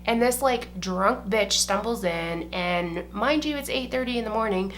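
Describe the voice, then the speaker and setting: A woman's voice: mid-range voice, unhurried, a bit bright, slight background noise. A young woman chatting casually while doing her makeup, a beauty vlogger who talks loosely, swears freely and says "like" constantly. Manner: chatty and profane, heavy use of "like".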